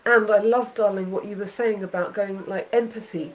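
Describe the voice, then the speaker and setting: A woman's voice: mid-range voice, steady tone, normal speed, rough recording. Heartfelt mother, rambling. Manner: heartfelt, rambling, many fillers and restarts. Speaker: podcast host, mother. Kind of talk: emotional casual chat.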